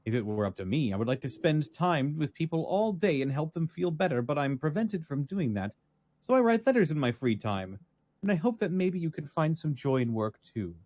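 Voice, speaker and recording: A man voicing a gentle, loving advice-lady. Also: a little high, big pitch swings, brisk, dry recording. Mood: caring. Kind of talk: reading an in-character advice letter.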